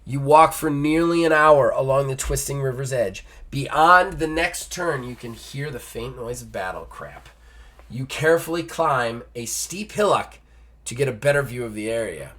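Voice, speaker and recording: A man's voice: mid-range voice, expressive, normal speed, a bit bright. A man hosting a solo gamebook play-through, reading the passages aloud and breaking off for casual joking asides. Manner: reads text then jokes in casual asides. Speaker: host.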